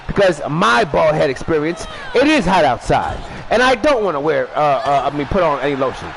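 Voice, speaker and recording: A man hosting a wrestling show, shouting a rambling profane comic monologue, stuttering at times and eating while he talks. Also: on the high side, very animated, fairly quick, gravelly, slight background noise, low-quality recording. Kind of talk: loud profane comedic monologue.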